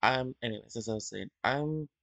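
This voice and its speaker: A teenage young man giving an unscripted personal confession at home, emotional and halting, with many fillers and restarts. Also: mid-range voice, vocal fry, no room sound. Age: teens. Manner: emotional, soft-spoken. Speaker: vlogger.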